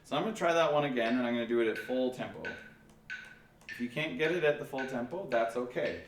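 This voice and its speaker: A man's voice: medium pitch, expressive, fast talker. Guy teaching band class online, patient, kinda echoey room. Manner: patient, explaining step by step with restarts. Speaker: music teacher. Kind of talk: remote band lesson. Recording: echoey room, faint noise.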